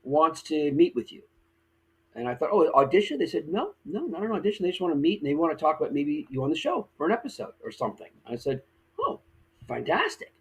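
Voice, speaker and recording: Husky slightly high-voiced guy, podcast guest, tells stories and does the voices. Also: fast talker, rough recording. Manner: animated, acts out quoted dialogue. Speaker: guest actor. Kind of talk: casual storytelling.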